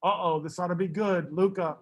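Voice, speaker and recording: A man teaching a math class, brisk and teasing, fussing at students and then reassuring them. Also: high voice, fairly even intonation.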